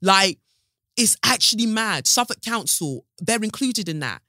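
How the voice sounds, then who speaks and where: Woman, podcast host, impassioned monologue, swearing, bright voice, dry close sound. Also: medium pitch, lively intonation, unhurried, dry recording. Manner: angry, swearing, emphatic repetition; reflective, thinking aloud.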